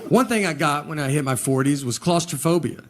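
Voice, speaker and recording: A man, telling stand-up stories in a drawling, deadpan way before a laughing audience. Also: fairly high pitch, fairly quick, a faint crowd. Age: 40s. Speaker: stand-up comedian. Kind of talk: stand-up comedy set. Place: live venue with laughing audience.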